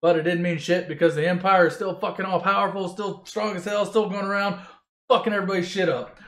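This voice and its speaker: A man's voice: high-pitched, fairly even intonation, fast talker, a bit bright, roomy sound. A man retelling a film as a profane, rambling comedy story, swearing constantly and loosely mimicking the characters.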